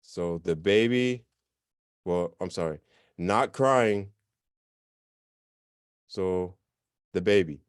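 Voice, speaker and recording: Relaxed low-voiced man teaching a class. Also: drawn-out words, long pauses, smooth, no echo, clean studio sound. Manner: relaxed, self-correcting, chatty explanations. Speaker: language teacher. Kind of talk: informal online class.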